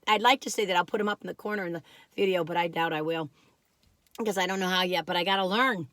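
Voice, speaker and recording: A woman in her sixties talks through a casual vlog review, wandering off topic and poking fun at herself. Her slightly squeaky, mellowed voice sounds bright and forward. The recording is close and dry. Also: fairly even intonation, brisk, no room sound. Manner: rambling, chatty, self-deprecating, wanders off topic. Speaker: vlogger.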